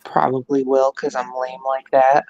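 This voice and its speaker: A woman's voice: very deep voice, little pitch movement, moderate pace, darkish tone, lo-fi sound. A woman co-hosting a live stream chat, answering with short, dry, laid-back remarks. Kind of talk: casual chat, short replies.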